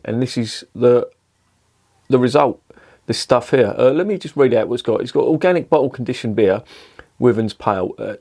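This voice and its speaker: A man's voice: medium pitch, darkish tone. Sweary beer reviewer man. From southern England. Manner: sweary, rambling and jokey. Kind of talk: casual beer review vlog.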